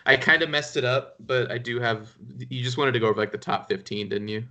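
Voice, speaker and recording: A man's voice: mid-range voice, a little fast, sharp tone. A man co-hosting a casual podcast, rambling and often breaking into laughter mid-sentence. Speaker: podcast co-host.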